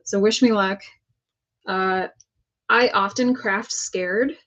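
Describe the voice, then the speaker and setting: A woman from the United States chats away while she paints, thinking aloud and cracking little jokes. Her voice sits at an ordinary middle pitch. The recording sounds slightly dull and lo-fi. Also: fairly even intonation, slow pace, fairly bright tone. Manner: chatty, self-talking while working, jokey asides. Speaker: prop painter. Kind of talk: casual crafting vlog talk.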